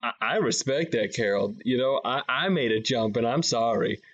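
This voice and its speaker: A man's voice: medium pitch, expressive, normal speed, fairly bright tone. Male player, hesitant delivery, dull lo-fi mic. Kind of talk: playing a tabletop game in character.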